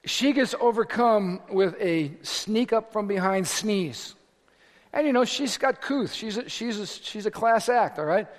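High-voiced animated preacher in a hall. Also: male voice, measured pace. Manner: animated storytelling with shouted asides. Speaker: pastor. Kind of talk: sermon. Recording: echoey hall recording.

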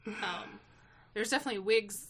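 Woman, bright sharp voice, opinionated film chat, trails off. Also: mid-range voice, slightly rough. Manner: opinionated, quick, trails off mid-sentence. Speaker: podcast co-host. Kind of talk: casual chat about a film.

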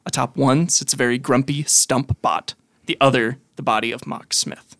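A man's voice: mid-range voice, fairly even intonation, normal speed, a bit bright. A man narrating as game master of a tabletop game, rambling with fillers. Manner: rambling with fillers, laughs often.

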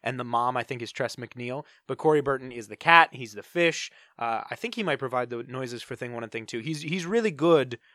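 A man co-hosting a podcast in casual chat, rambling and joking, often slipping into quick impressions. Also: medium pitch, lively intonation, pushed and bright, no room sound, studio quality. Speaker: podcast co-host.

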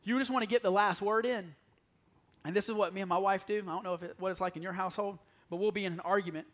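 High-pitched guy preaching a sermon in church, animated, goes quiet and whispery for asides. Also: fast. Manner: animated storytelling, drops to a near whisper for asides. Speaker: pastor. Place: church sanctuary.

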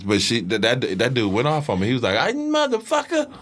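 A man, a comedian co-hosting a podcast, telling stories in casual chat and acting out the people in them. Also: fast. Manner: lively, bouncing pitch, acts out people's voices in quotes.

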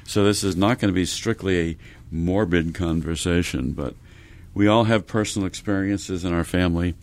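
A man's voice: deep voice, creaky, a little mellow. A middle-aged man hosting a radio talk show, folksy and speaking straight to listeners. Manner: folksy, addresses listeners directly. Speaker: radio host.

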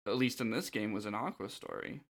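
A man hosting a casual podcast, playful and quick to laugh. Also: on the low side. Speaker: podcast host.

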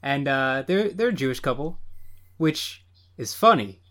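A man's voice: medium pitch, lively intonation, a little slow, bright, forceful tone. A man co-hosting a casual comedy podcast, dryly laying out a show's premise. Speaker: podcast co-host.

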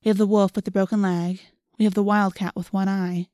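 Gentle thoughtful teen girl, voiced by a woman narrator, dry storybook read. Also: mid-range voice, level tone, a little fast, no room sound, natural voice.

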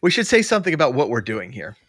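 Bright-voiced man rambling on a podcast. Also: mid-range voice, big pitch swings, quick pace, breathy edge, no room sound, studio quality. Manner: rambling, many restarts and fillers, laughing often. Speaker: podcast co-host. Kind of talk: casual chat. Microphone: remote call mic.

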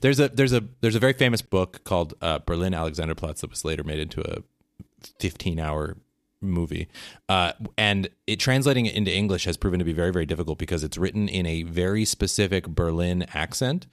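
A man co-hosting a casual chat, animated and quick, tripping over his words as he rushes to make his points. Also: low voice, dry recording, clean studio sound. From United States. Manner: animated, talks fast with laughs and restarts. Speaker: podcast co-host.

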